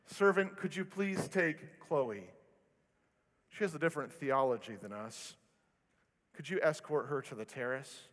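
A snooty, wealthy Roman host, put on by a male preacher, dropping his voice low and speaking slowly and quietly with polite condescension. The sound carries a long hall reverb. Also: expressive. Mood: haughty. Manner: condescending, slow and hushed.

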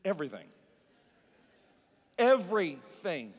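A male pastor preaching a sermon, calling out questions to the congregation and swinging between loud emphatic lines and hushed ones. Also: sits high, lively intonation, normal speed. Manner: preaching with call-and-response to the congregation. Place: large church hall. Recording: long reverb of a large hall.

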